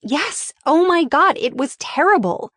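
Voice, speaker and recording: A woman's voice: high-pitched, lively intonation, unhurried, fairly bright tone, no echo, studio quality, pitched above the performer's own voice. A woman voicing a young woman sharing grim gossip, matter-of-fact, while reading a script aloud.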